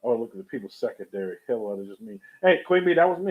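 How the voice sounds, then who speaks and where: This man speaks at a medium pitch with a gravelly, sing-song quality and a quick pace. Live-streaming through a webcam or USB setup, he rambles through a story in a casual, chatty way and greets viewers from the chat. The recording sounds tinny, almost like a phone.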